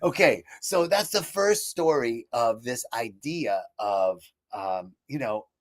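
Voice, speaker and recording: A man hosting an inspirational live talk, telling stories in an animated way and laughing easily. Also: medium pitch, takes it slowly. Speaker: host.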